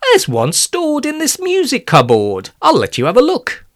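A man's voice: medium pitch, huge pitch swings, unhurried, a bit bright, exaggerated voice. A man voicing an overenthusiastic male music teacher in a storybook reading. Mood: gushing. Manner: gushing, overenthusiastic.

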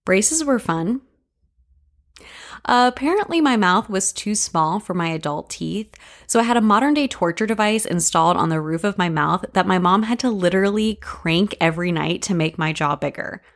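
A woman hosting a podcast, telling scripted memoir stories with wry, deadpan humor. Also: medium pitch, moderate pace. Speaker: podcast host.

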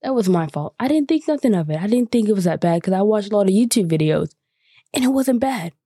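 A young woman hosts a podcast and tells a casual story full of 'like' fillers. Her voice is mellow, and the close recording is dry, with no room sound. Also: medium pitch, expressive, fast, breathy edge, no room sound. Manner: chatty, lots of 'like' fillers. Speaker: podcast host.

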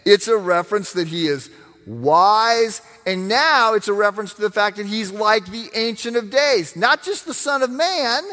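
A man preaching a sermon, teaching in an animated, emphatic way with frequent restarts. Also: sits high. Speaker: pastor. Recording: long hall reverb.

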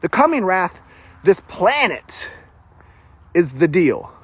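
Southern US male preacher, casual sermon delivery, self-deprecating and quick to laugh, higher-pitched voice with a husky texture. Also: sing-song, dry recording, muffled recording.

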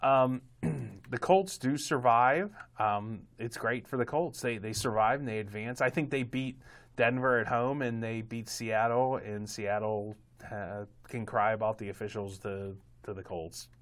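A man's voice: mid-range voice, measured pace. A man co-hosting a casual sports podcast, rambling along with plenty of fillers and chuckling at his own asides. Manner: rambling, self-amused, many fillers. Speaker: podcast co-host.

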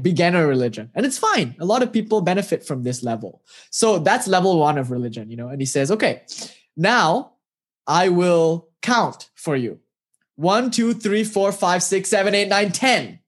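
Animated spiritual teacher telling parables. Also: medium pitch. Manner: animated, rhetorical questions, casual fillers. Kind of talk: storytelling talk with parables.

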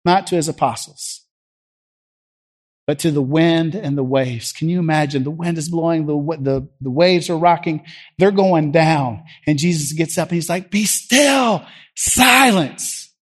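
Animated preacher man, fairly high voice. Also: moderate pace. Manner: vivid storytelling, acting out the scripture scenes. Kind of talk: sermon.

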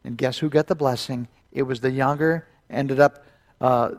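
A male pastor preaching a sermon, retelling a scripture story with lively asides to the congregation. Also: mid-range voice, normal speed.

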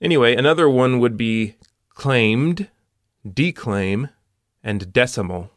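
A man's voice: medium pitch, lively intonation, slow, no echo. A man hosting a puzzle show, walking through solutions step by step with dry punning asides.

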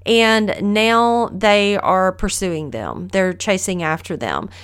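A woman's voice: mid-range voice, lively intonation, slow, smooth. Earnest woman teaching the Bible. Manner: earnest, conversational, asks the listener questions. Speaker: podcast host teaching the Bible. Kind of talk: casual devotional teaching.

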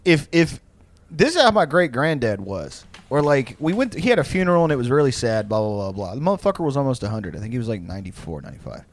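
Lively, rambling young man podcaster. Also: medium pitch, quick pace. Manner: profane, rambling storytelling with frequent laughs. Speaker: podcast co-host. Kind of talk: casual chat.

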